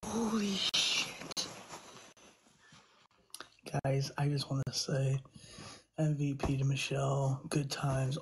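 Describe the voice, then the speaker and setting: Livestreaming and chatting with her viewers, a woman sounds overwhelmed, gasping out exclamations and frequently dropping to a whisper. Her voice is extremely low, very breathy and husky, against a noisy background.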